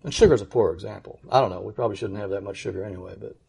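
A man preaching a sermon in an earnest, emphatic way, slowing down to stress key words. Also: fairly low pitch, gravelly, mellow, slightly rough.

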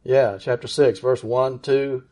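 A man preaching a sermon in an earnest, emphatic way, slowing down to stress key words. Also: mid-range voice, steady tone, warm tone.

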